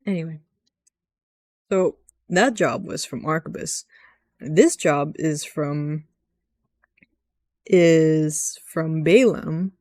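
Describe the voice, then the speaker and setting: A woman's voice: low-pitched, drawn-out words, long pauses, a little mellow, no room sound, clean studio sound. A woman casually recapping a video game's story, chatty and rambling, who acts out the lines she quotes. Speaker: gaming video host.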